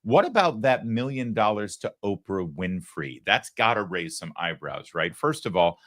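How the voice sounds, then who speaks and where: A man's voice: lowish voice, very animated, moderate pace, a bit bright, dry recording. A man hosting a political talk show, talking with sarcastic, mocking asides from a studio. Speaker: host.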